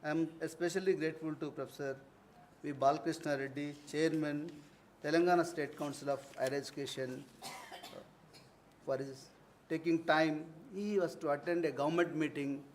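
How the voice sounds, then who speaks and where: Guy thanking everyone at a conference, kinda high voice, formal but chatty asides. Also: steady tone, normal speed, slight background noise. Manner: earnest, formal phrasing broken by warm anecdotes. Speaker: conference organizer giving vote of thanks. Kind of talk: formal ceremonial speech with personal asides. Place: university conference hall.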